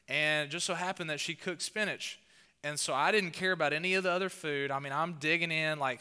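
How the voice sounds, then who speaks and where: Bright-voiced Southern pastor preaching. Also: male voice, fairly high pitch, clean tone, in a large hall. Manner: animated storytelling with rising emphasis. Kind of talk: sermon. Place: church hall.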